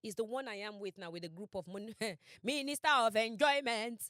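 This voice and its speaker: A young woman tells a personal story on a podcast, animated and emphatic. She acts out what people said with big dramatic swings in her voice. The sound is dry and close. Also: normal speed, no echo. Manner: animated, emphatic, quotes herself and others with dramatic pitch swings. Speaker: podcast co-host. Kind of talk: casual storytelling chat.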